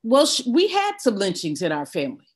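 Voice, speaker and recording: An older woman, a guest in an interview, telling a personal story in a vivid, animated way. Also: a little high, brisk, husky. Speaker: guest economist.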